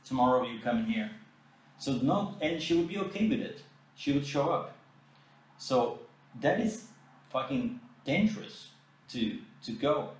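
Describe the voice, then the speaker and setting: Man, podcast host, animated and indignant storytelling, very roomy echo, sits back from the mic. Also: on the high side, unhurried. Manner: animated, indignant, mimics quoted exchanges. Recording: echoey room, mic at a distance.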